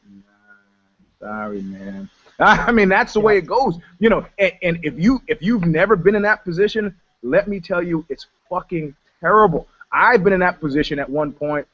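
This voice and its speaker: A man's voice: high voice, normal speed, fairly bright tone. A man telling rambling, profane stories in a casual panel chat, with many restarts. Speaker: show contributor and musician. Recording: dull, dry lo-fi audio.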